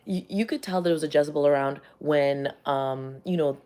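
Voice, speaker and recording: Woman vlogger, low voice, loose profane rambling, tarot reading. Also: moderate pace. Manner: rambling, profane, animated storytelling. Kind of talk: casual chat.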